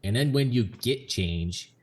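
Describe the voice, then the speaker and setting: A man's voice: medium pitch, expressive, unhurried, a little mellow. A man co-hosting a casual podcast, frank and swearing freely as he agrees. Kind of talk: casual profane podcast talk.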